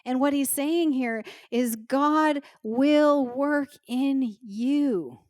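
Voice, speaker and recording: A middle-aged woman pastor preaching a sermon in an earnest, emotional way, slowing down to stress key words. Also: high voice, darkish tone, no echo, studio quality. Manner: earnest, emotional, slows down for emphasis. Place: church stage.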